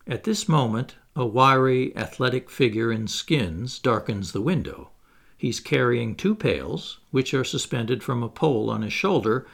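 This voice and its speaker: A man's voice: medium pitch, lively intonation, a little slow, creaky. A man reading a stage play aloud, narrating the stage directions. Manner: reads stage directions plainly.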